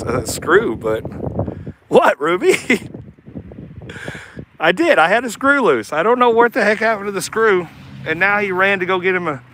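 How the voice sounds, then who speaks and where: Guy livestreaming outside, kinda high voice, faint hiss behind, laughs a lot. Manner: chatty, laughs often, folksy. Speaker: vlogger livestreaming a search. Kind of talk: casual live-stream chat. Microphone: action camera.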